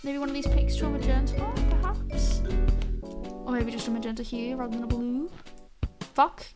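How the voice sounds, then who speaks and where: A woman's voice: high-pitched, moderate pace, loud music behind the voice. A young woman streaming a game, chatting casually with her viewers and swearing freely. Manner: chatty, swears often, talks to chat. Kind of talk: casual live-stream chat while gaming.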